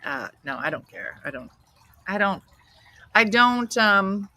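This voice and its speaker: A woman in her fifties with a New Jersey accent, hosting a casual chat show and telling stories in a loud, animated way. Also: medium pitch, slow pace, no echo. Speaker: host.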